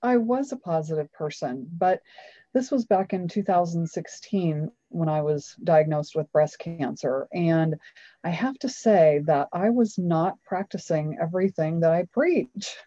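Low-voiced woman, candid guest. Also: expressive, a little slow, warm tone, no room sound, muffled recording. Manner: candid, upbeat, laughs often. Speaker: guest, law of attraction trainer. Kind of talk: interview storytelling.

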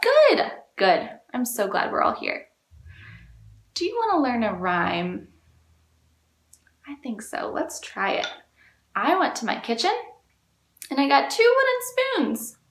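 A woman children's librarian leading a storytime, talking to young children in an animated, sing-song way. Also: a little high, gravelly. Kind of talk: children's storytime reading and singing. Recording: echoey room.

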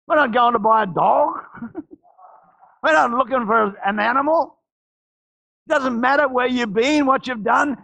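A man preaching a charismatic church sermon, fervently shouting praises and repeating phrases. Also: extremely high pitch, creaky. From Australia. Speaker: pastor. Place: church service.

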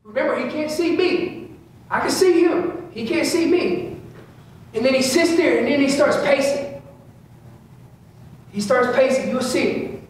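A man's voice: extremely high pitch, unhurried, long pauses. A man giving an informal elk-calling seminar in a large indoor store space. He repeats key phrases, voices what the elk are thinking, and uses casual slang. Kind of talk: informal hunting seminar talk. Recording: echoey room, speaker far from mic, faint hum.

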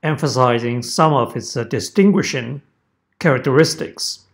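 A professor giving a prepared lecture, speaking in measured, deliberate phrases. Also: male voice, medium pitch. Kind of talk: prepared academic presentation.

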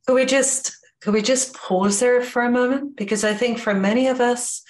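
A woman guiding a reflective conversation, speaking gently and searching for words. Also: fairly high pitch, fairly even intonation, normal speed, slight background noise.

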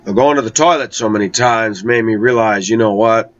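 A man with a lowish voice recounting a personal travel story in a chatty way. He stretches out words for emphasis. The recording sounds dull and lo-fi. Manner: conversational, with slow, drawn-out emphasis.

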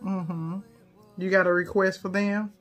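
A woman's voice: medium pitch, flat delivery, unhurried, soft background music. A woman hosting a casual live stream, emotional and teary, laughing through tears as she speaks.

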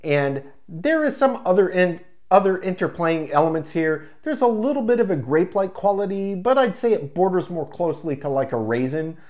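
A man's voice: sits high, sing-song, moderate pace, few pauses, a little mellow. A man reviewing a craft beer in a casual, enthusiastic way, describing flavors in loving detail. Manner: enthusiastic, descriptive, savoring each word.

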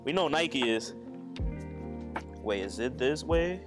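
A man in casual live-stream chat, joking crudely and laughing as he talks to his viewers. His voice sits at an average pitch, and clear music plays underneath the whole time. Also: expressive, takes it slowly, pauses often. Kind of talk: casual live-stream chat while building a model kit.

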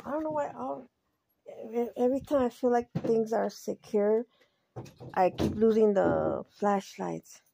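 Woman, casual home vlog, anxious muttering, gravelly voice, slow unhurried delivery. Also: a little high, mellow. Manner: mutters to herself, code-switches into Spanish; anxious, calls out to pets. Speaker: vlogger.

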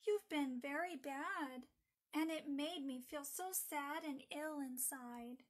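A woman voicing a kind, wise eight-year-old boy in a children's story, speaking gently and soothingly. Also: high voice, takes it slowly. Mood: gentle.

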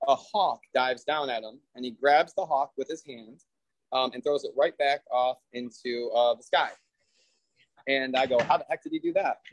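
A man on a video call winds through a drawn-out joke at a mid-range pitch, pausing on fillers as he goes. His telling meanders and circles back, the tone of a defendant chatting rather than pleading. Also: poor audio. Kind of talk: rambling joke storytelling.

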